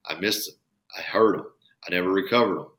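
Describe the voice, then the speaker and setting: A low-pitched, fairly bright voice comes fast from this podcast guest, a bowhunter. On the casual show he speaks with earnest emphasis and throws in the odd curse.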